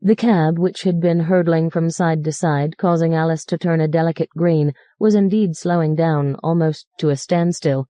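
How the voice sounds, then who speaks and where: A woman narrating a story aloud in an even, measured reading. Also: low-pitched, dry recording. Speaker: audiobook narrator. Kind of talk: scripted narration.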